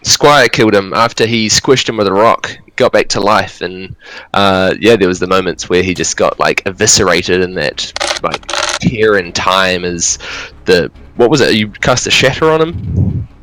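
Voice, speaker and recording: A man narrating a tabletop fantasy game as dungeon master, relaxed and rambling with fillers. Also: sits low, normal speed, poor audio.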